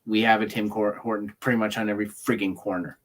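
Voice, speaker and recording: A man's voice: fairly low pitch, flat delivery, quick pace. A Canadian man in a casual chat, telling an easygoing office story.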